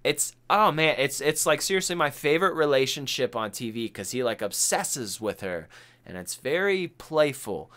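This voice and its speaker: A man hosting a podcast and chatting casually about a film. He is excitable and profane, and he acts out quotes from the film. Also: mid-range voice, normal speed. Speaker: podcast host.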